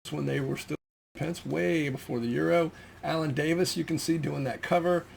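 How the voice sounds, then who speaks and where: A man's voice: a little high, steady tone, moderate pace, vocal fry, slight background noise. A middle-aged man from the United States chatting casually about a collection, rambling with lots of ums and restarts. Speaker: comic collector showing his finds. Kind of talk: casual show-and-tell chat.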